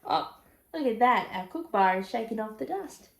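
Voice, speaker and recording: A woman reads a children's picture book aloud in a lively, high voice and chats with young listeners between pages. She takes her time, and the room is echoey. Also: a little fast, vocal fry. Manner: expressive, chatty asides to young listeners. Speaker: storybook reader.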